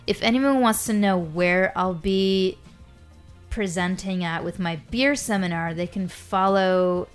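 A woman's voice: medium pitch, measured pace, clean tone, soft background music. Brash, profane woman on a podcast. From Latin American parents. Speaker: podcast guest, beer seminar presenter and comedian. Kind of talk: casual podcast chat.

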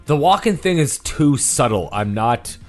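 A man's voice: medium pitch, very animated, unhurried, loud music behind the voice. A man co-hosting a podcast, laid-back and dry, laughing along and swearing casually. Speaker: podcast co-host. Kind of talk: casual chat.

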